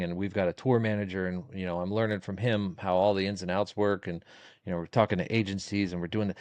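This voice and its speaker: A man in his forties speaks in a lowish voice as a guest on a casual podcast. He is plainspoken and repeats phrases while he works out what to say. The sound is dry and close, with no room around it. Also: no echo. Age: 40s.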